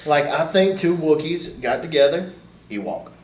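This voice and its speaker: A man guest on a wrestling podcast, telling stories in a casual, animated way that turns loud when he gets worked up. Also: fairly low pitch, unhurried. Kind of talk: casual storytelling chat. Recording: roomy echo, distant mic, faint ambience.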